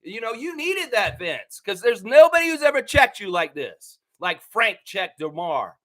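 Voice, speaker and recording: A man from Canada hosts a fan show and rants with profane, heated anger. His voice sits high and sounds bright and tense as he fires off his complaints. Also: very animated, measured pace. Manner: angry, profane, heated ranting. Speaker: basketball fan show host. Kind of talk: ranting commentary.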